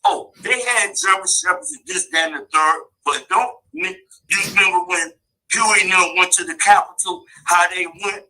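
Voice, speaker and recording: A man's voice: sits high, normal speed, bright, forceful tone, rough recording. A man calling in to a talk show, talking at length in a rambling, emphatic way and laughing often. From local to the show's city. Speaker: caller. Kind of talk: animated call-in talk. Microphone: phone line.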